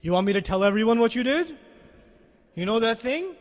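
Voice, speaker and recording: A man's voice: very high voice, animated, fairly quick. A preacher putting on a taunting arrogant king. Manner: taunting, condescending. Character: arrogant scheming ancient male king. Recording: long hall reverb.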